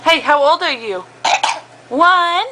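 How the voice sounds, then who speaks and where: A woman's voice: high-pitched, expressive, slow pace, noisy background. A woman talking to her toddlers in a home video, coaxing them to repeat words in a sing-song voice and laughing often. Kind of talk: home video baby talk. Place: family home.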